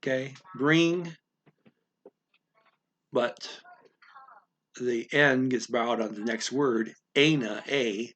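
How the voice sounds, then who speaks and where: A man slowly explaining a story word by word as a language teacher, thinking aloud with many pauses. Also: mid-range voice, fairly bright tone. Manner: slow, thinking aloud, frequent fillers.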